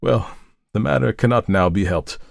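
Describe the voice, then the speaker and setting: A man's voice: on the low side, moderate pace, vocal fry, no echo, studio quality. A man voicing a kindly, distressed old priest who speaks in an anxious, pleading way. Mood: distressed, apologetic. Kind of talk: storybook narration.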